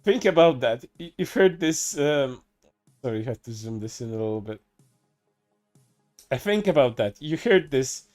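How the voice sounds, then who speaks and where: A man's voice: mid-range voice, animated, normal speed, long pauses, darkish tone, soft background music. A man streaming casual reaction commentary, cursing freely, stammering through restarts and laughing often.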